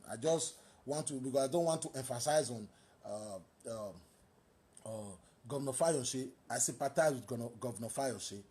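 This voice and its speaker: A talk show host with a Nigerian accent delivers heated political commentary in a mellow, medium-pitched voice. He poses rhetorical questions and repeats phrases to drive his points home.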